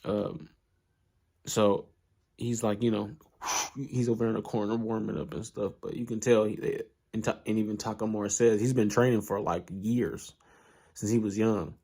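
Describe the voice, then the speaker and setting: A man casually recapping an anime in a relaxed, slangy way, full of asides and fillers. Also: fairly low pitch, moderate pace, vocal fry, breathy edge.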